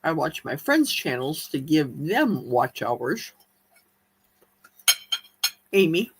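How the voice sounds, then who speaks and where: A woman's voice: low-pitched, very animated, takes it slowly, background noise. Chatty woman streaming live while eating. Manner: chatty, reads viewer comments aloud, talks with mouth full. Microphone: streaming mic.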